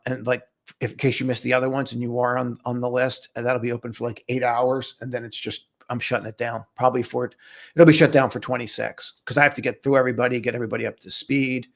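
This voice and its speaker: Guy doing a live trading stream, laid back and chatty, mid-pitch voice. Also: creaky. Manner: loose and chatty, calls viewers brother and buddy. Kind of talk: casual live-stream commentary.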